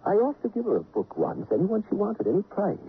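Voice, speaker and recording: A man's voice: high voice, quick pace, a little hiss or hum, full character voice. An actor playing a wistful, lonely bookseller who muses about a woman he admired, in a 1950s radio drama. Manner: musing, wistful, lively ups and downs. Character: wistful lonely middle-aged bookseller man. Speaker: lending library keeper. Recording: tinny old radio broadcast.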